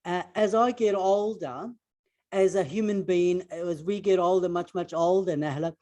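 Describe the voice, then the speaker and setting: A man whose first language is Arabic, hosting a radio interview over a video call, talking haltingly with many restarts and fillers. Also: sits high, darkish tone, lo-fi sound. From Egypt. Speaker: radio show host.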